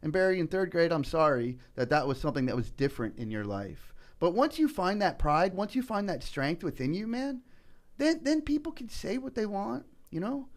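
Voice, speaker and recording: A middle-aged man telling personal stories in a casual podcast chat, earnest and animated, often saying "man" and "you know". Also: high-pitched, moderate pace. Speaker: political candidate guest.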